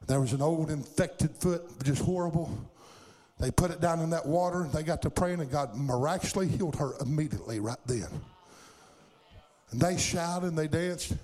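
A man preaches a sermon in a slightly high voice. He tells stories at a steady pace and then builds to fervent calls from the pulpit. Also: moderate pace. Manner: storytelling, building to fervent exhortation.

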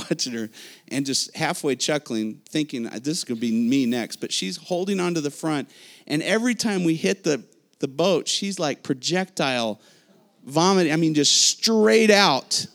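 A middle-aged male preacher delivering a sermon in an animated storytelling way. He acts out quotes and reactions as he goes, with a voice pitched a little above the usual for a man.

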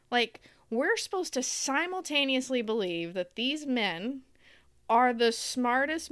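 A woman's voice: a little high, smooth, no room sound, clean studio sound. A woman co-hosting a casual talk show, ranting sarcastically and laughing as she talks. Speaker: podcast co-host. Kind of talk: casual chat.

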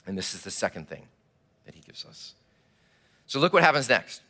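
A man preaching a sermon, telling the story with animated, acted-out delivery. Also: lowish voice, moderate pace. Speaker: pastor.

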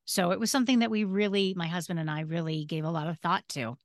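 Speaking quickly in a lowish, steady voice, a disability advocate in her fifties shares her personal story as a guest on a podcast. She is earnest and emphatic in this casual interview, repeating key phrases, and the studio-quality recording has no echo.

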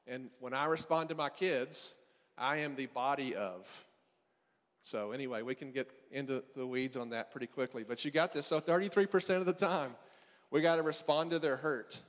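A man in the middle of his pitch range gives a relaxed, faith-based seminar talk. He speaks as a counselor, chatting loosely with the audience and restarting his sentences as he goes. His voice carries a long reverb from a large hall. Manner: casual, conversational, with asides and quick restarts. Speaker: marriage and family counselor teaching a seminar.

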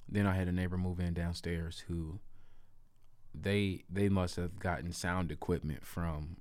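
A man's voice: sits low, no echo, studio quality. A man casually telling a personal story to camera, emphatic and repeating points for effect. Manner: animated, emphatic, repetitive asides. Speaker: storyteller vlogger.

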